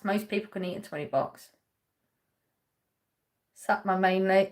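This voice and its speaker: A woman's voice: mid-range voice, a little slow, pauses often. A woman hosting a casual livestream, reading viewer comments aloud, laughing often and trailing off mid-sentence. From Essex, England. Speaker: livestream host.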